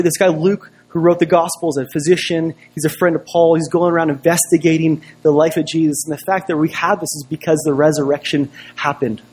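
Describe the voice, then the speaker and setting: A male pastor preaches in a relaxed, conversational way, leaning on stories and rhetorical questions. His voice sits a little high for a man and has a husky, slightly rough edge. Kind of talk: sermon.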